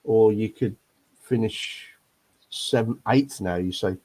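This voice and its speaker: Taking his time, an older man from Leicester talks in a lowish, darkish voice. He's on a fan panel about football, grumbling and rambling casually with plenty of ums.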